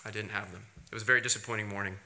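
A man preaching a sermon, hitting key words in high emphatic bursts, then easing into quiet, wry storytelling. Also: steady tone, racing, creaky. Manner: drops to quiet, wry storytelling with light laughs. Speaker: pastor.

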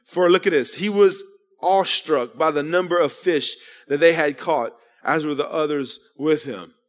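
Stories and calls to the congregation fill the earnest sermon of this fairly high-voiced male pastor, who speaks at a moderate pace. The church sanctuary adds a long, ringing reverb tail.

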